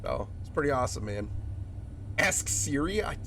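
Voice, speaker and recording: Chatty male streamer with a slightly high voice. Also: big pitch swings, moderate pace, a bit bright, slight background noise. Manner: chatty, jokey, greets viewers by name. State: recovering from a chest cold, coughing. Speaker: game streamer. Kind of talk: casual chat with viewers while gaming.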